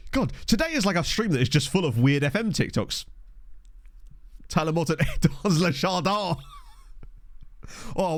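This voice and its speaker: A young man chats through a game stream, bouncing between topics and laughing often. His voice sits a little high and swings widely in pitch. The sound is dry and close, from a desk mic. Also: dry recording. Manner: animated, laughs often, chatty asides. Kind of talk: casual game-stream commentary. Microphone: desk condenser mic.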